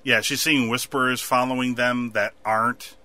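Casual male co-host, very bright voice, rambles and acts out lines. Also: mid-range voice, little pitch movement, normal speed, dry recording. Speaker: podcast co-host. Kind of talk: casual TV recap chat.

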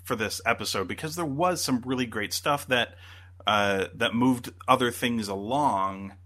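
This male podcast co-host speaks at a measured pace in a medium pitch, sounding pushed and bright. His casual chat wanders, with plenty of filler words and sentences he starts over.

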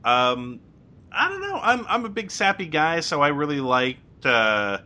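A man's voice: a little high, sing-song, measured pace, pushed and bright. A man co-hosting a casual movie podcast, playful and teasing, laughing easily. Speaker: podcast co-host. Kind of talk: casual chat.

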